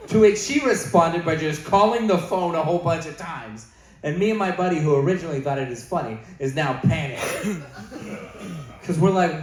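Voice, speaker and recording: A man's voice: a little high, expressive, normal speed, a little mellow. A man with a Canadian accent doing a stand-up comedy set, telling a long story and acting out text messages in different voices. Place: comedy venue with audience. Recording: echoey room.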